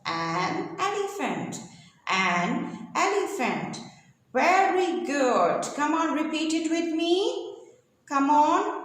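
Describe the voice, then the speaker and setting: A woman teaching a children's English lesson, spelling out and repeating simple words in a slow sing-song way. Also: high-pitched, very animated. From Pakistan. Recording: echoey room with long reverb.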